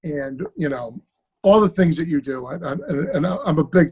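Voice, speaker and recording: Guy telling showbiz stories on a podcast, lively, acts out all the voices. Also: a little high, moderate pace, breathy edge. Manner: animated, acts out quoted dialogue. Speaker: actor guest. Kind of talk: casual storytelling interview.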